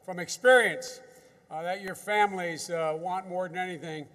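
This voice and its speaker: A man's voice: high voice, steady tone, moderate pace, fairly bright tone, in a large hall. An older American man giving a folksy, rambling off-the-cuff speech to soldiers at a ceremony, with many restarts and repeated words. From United States. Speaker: government official addressing troops.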